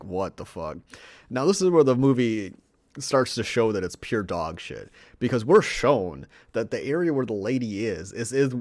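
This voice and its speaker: A man's voice: mid-range voice, no room sound, studio quality. A man giving a rambling, profane, sarcastic film review, now and then mocking the characters in put-on voices. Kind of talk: casual profane movie review.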